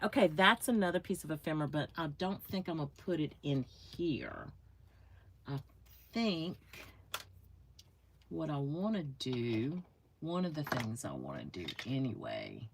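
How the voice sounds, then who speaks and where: A woman's voice: low-pitched, slight background noise. A middle-aged woman chatting casually with viewers while crafting on a livestream, greeting them by name and thinking aloud.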